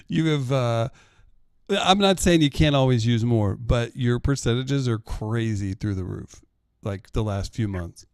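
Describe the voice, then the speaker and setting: A man working as the podcast producer, speaking in a calm, matter-of-fact way. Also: mid-range voice, unhurried, smooth, no room sound, clean studio sound.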